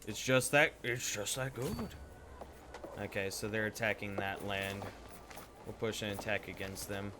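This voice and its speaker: A man's voice: fairly low pitch, unhurried, noisy background. A young man giving rambling, casual live gameplay commentary, swearing freely and chatting with viewers. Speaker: Twitch streamer.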